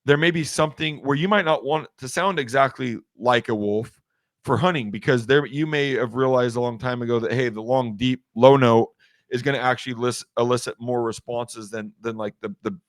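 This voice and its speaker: A man's voice: medium pitch, steady tone, a little fast, no room sound, studio quality. A man speaking as an interview guest about designing game calls, rambling in a casual way with many restarts and fillers. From Washington state. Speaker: guest, game call maker.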